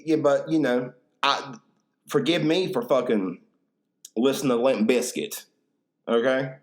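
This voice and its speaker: A young adult man hosting a solo podcast, telling stories in a rambling, profane way with laughs. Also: medium pitch. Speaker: podcast host. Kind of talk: casual solo podcast chat.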